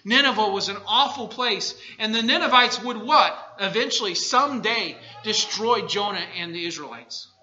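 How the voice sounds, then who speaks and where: A man preaching a sermon, swinging between quiet asides and loud shouted bursts. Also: high voice, moderate pace, hardly any pauses. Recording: dull lo-fi recording.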